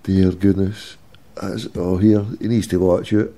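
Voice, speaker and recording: A man's voice: low voice, little pitch movement, a little slow, warm tone. A man with a Glasgow accent hosting, teasing and swearing in casual banter with a caller. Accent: Scottish, Glasgow. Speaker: host. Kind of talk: casual chat.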